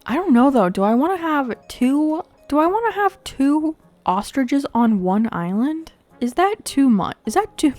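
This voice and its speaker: A bright, slightly high-voiced young woman talks casually through a game session, joking and laughing with her viewers as she goes. Soft background music plays under her voice. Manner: chatty, playful, laughs often, talks to viewers. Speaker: video game streamer. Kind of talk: casual gameplay commentary.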